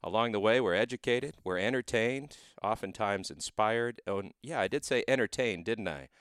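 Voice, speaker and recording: A man's voice: fairly low pitch, moderate pace, a bit bright, smooth, no room sound, studio quality. A man from the United States hosting a radio interview show, earnest in manner.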